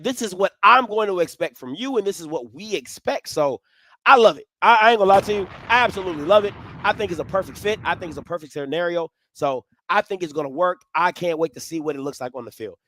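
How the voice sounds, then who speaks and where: A man hosting a live sports talk stream, swinging from low musing to loud, animated ranting. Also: no echo. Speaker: sports commentary host.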